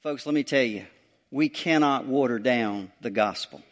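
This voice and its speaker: A male pastor, preaching a sermon emphatically, repeating phrases and building to loud surges. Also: mid-range voice, normal speed.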